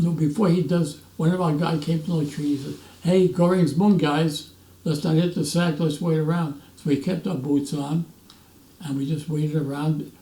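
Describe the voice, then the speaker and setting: A man in his nineties, a veteran, telling animated stories in an interview and acting out the voices of others. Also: fairly high pitch. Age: 90s. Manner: animated storyteller, acts out quoted voices, restarts often. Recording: roomy echo, mic at a distance.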